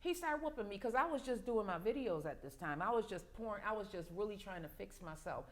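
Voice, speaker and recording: A woman telling her story to a circle of women. She speaks in a middle pitch and reacts with animated laughter. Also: brisk. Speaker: podcast host. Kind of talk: casual chat among women.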